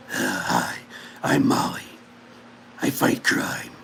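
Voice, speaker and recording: A man voicing his small female dog as a gruff caped crimefighter in a low, raspy half-whisper. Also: wildly swooping pitch, drawn-out words, pushed and bright, slight background noise, heavily acted.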